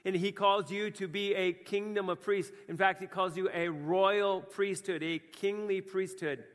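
A Canadian pastor preaching with passion, moving between hushed, quiet stretches and emphatic, fired-up bursts. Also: male voice, high voice, fairly even intonation, unhurried, long reverb tail. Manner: impassioned, swings from hushed to emphatic. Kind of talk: sermon.

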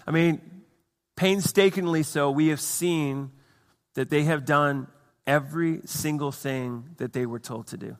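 A man's voice: a little high, unhurried, long reverb tail. A man preaching a sermon as pastor, conversational, with restarts and playful acted asides.

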